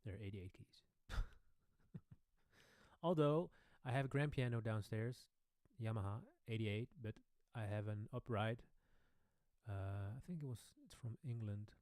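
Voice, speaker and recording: A man hosting a casual live-stream Q&A, chatting with viewers in slightly non-native English and often trailing off softly. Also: on the low side, measured pace, smooth, no room sound. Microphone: studio microphone.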